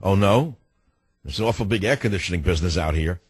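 A man's voice: deep voice, animated, fast, breathy edge, no echo. A man hosting a talk radio show, sarcastic and wisecracking, from New York. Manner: sardonic, wisecracking.

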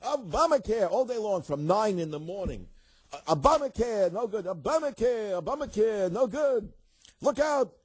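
A man's voice: sits high, very animated, normal speed, a little mellow, breathy edge, pitched above the performer's own voice, heavily acted. A man putting on the voice of a whining old lady who complains all day, wailing in a singsong way.

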